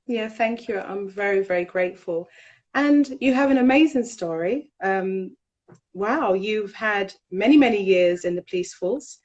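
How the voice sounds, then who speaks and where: A woman's voice: mid-range voice, measured pace, a little mellow, muffled recording. A woman from Jamaica hosting her own interview show, asking questions in an encouraging way. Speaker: talk show host. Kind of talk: casual interview chat.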